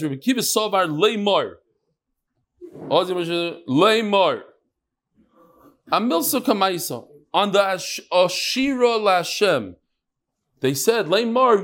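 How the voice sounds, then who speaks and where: Lively Talmud teacher, man. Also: high voice. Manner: lively, storytelling, quick asides. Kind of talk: daily Talmud class. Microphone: on Zoom.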